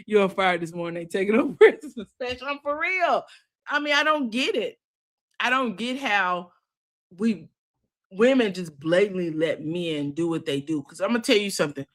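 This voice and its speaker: A middle-aged woman hosting a recap show, chatting casually and with sass. She talks straight to her viewers and laughs often. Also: mid-range voice. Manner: sassy, animated, quick to laugh. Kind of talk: casual opinionated chat.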